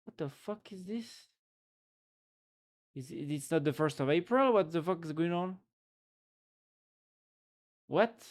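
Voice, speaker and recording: A man's voice: on the high side, lively intonation, slow, pauses often. A man from France with a French accent, chatting casually on a live stream and thinking aloud with lots of fillers.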